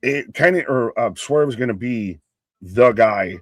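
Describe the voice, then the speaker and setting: A man's voice: mid-range voice, unhurried, no room sound. Casual swearing guy hosting a live reaction stream, plain middle voice. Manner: blunt, profane, joking. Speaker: host. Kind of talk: live watch-along commentary.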